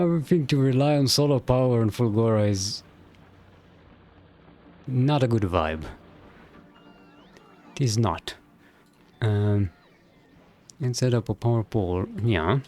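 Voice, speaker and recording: Guy streaming a factory game, mumbling to himself, cusses a bit, soft music behind. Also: medium pitch, a little slow, long pauses. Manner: thinks aloud, mutters and swears casually. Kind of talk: casual gameplay commentary.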